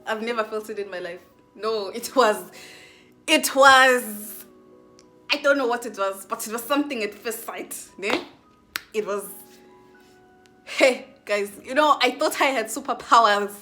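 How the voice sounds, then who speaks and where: A young woman tells a story to her vlog viewers, chatty and dramatic, piling up fillers as she goes. Her voice is bright and crisp. Faint music plays behind her. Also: a little high, normal speed. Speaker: vlogger.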